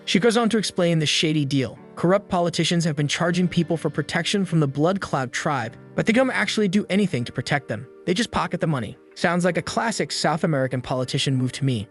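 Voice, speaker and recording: A man's voice: fairly high pitch, fairly quick, hardly any pauses, soft background music. A man narrating a comic recap in a casual, wisecracking storytelling manner.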